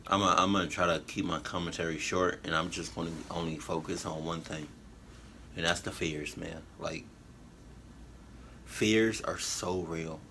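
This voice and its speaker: A man giving halting, emotional commentary on a reaction video, full of fillers and restarts. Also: low voice, steady tone, bright, forceful tone, slight background noise. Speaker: YouTube reactor. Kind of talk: rambling heartfelt commentary.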